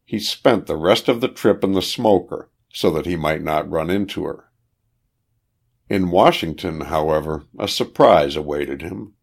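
A man reading a period detective novel aloud, measured and steady, lifting his voice for the characters' dialogue. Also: low voice, vocal fry, husky. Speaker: audiobook narrator.

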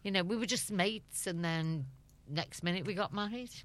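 Low-voiced Scouse woman telling stories. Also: normal speed. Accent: Liverpool (Scouse). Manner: lively storyteller, laughs often. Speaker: interview guest. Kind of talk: chatty anecdotal radio interview.

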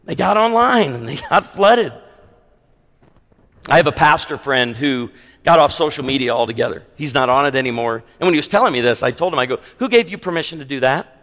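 A man preaching a sermon as pastor, emphatic, slowing down hard on key lines, with wry asides. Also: medium pitch, animated, fairly bright tone. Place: large church sanctuary with long reverb. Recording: long hall reverb in a sanctuary.

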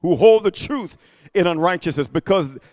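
A man preaching a sermon, animated and emphatic, calling out for responses and shouting at peaks. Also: sits high, normal speed. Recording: long hall reverb.

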